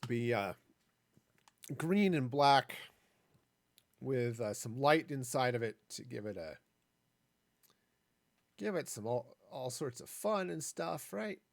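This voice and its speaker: A man's voice: medium pitch, lively intonation, slow pace, creaky, long pauses, dry recording. A man streaming a building game, talking through his plans in a rambling way with jokey asides. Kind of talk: casual gameplay commentary.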